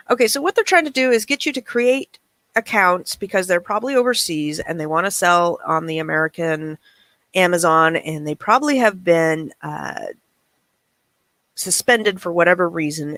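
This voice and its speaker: A woman's voice: fairly low pitch, lively intonation, moderate pace, a bit bright, dry recording. A middle-aged woman hosting a casual livestream chat, reading messages aloud with wry, chatty remarks. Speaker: reseller channel host.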